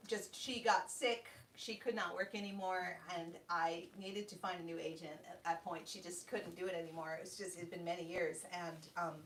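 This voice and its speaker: A woman's voice: lowish voice, fairly bright tone, slight background noise. Woman, author, bookstore reading, plain storytelling, roomy echo, distant mic. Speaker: author reading her novel. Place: bookstore event room.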